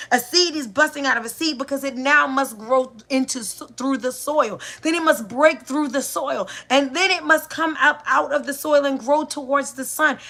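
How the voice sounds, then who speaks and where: A woman's voice: sits high, sharp tone. A woman giving a spiritual, sermon-like talk to a live audience, building her points with repeated phrases and rhetorical questions. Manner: preacher-like, repetitive cadence, rhetorical questions; addresses listeners directly. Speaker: spiritual teacher. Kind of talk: live-streamed inspirational talk.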